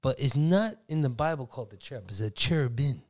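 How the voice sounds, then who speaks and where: Animated man telling a story. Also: mid-range voice, quick pace. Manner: animated storytelling, swearing, puts on silly voices. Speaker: podcast co-host. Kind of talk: casual chat.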